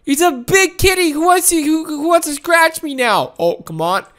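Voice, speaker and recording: A woman giving excitable, giggly live commentary while playing a game. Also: high voice, moderate pace. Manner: excitable and giggly, frequent laughs and exclamations. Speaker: gaming video host.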